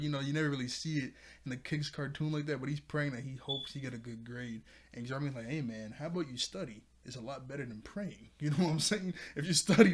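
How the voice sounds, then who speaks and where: A man reviewing a cartoon episode in a casual, rambling video chat, laughing often as he talks. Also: medium pitch.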